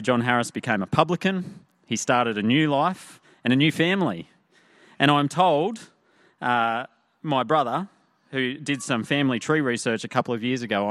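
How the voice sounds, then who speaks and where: A man preaching a sermon in a conversational way, often pausing with "uh". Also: medium pitch, no room sound, clean studio sound. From Australia. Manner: conversational, with frequent "uh" fillers. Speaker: pastor.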